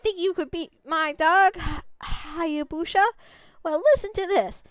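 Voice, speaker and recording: A woman's voice: extremely high pitch, steady tone, measured pace, dry recording, voice pushed up. A woman voicing a scrappy country boy with a dog who talks in a cocky, scoffing, folksy way.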